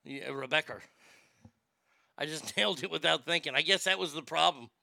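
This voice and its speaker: A man's voice: a little high, fast talker, vocal fry, sharp tone, no echo, studio quality. A man hosting a show in casual chat, rambling and profane, with stammering restarts and boastful talk. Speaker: show host.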